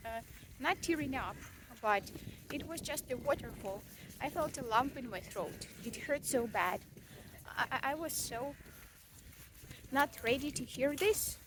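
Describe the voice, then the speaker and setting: A woman's voice: sits high, a little hiss or hum. A young mother venting in a casual, rambling vlog, frank and self-mocking, with frequent swearing and fillers. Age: young adult. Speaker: vlogger, mother.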